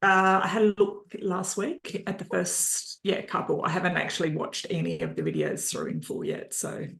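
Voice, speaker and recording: A woman's voice: on the low side, huge pitch swings, moderate pace, roomy sound. A woman on a coaching call as the client, agreeable and easygoing, answering with many yeahs. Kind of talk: casual chat on a coaching call.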